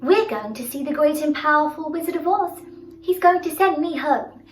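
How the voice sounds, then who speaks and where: A woman's voice: high-pitched, moderate pace, distant mic, slight background noise, lightly acted. A woman voicing a kind, cheerful young farm girl who eagerly invites new friends along. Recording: roomy sound from off-mic, faint music.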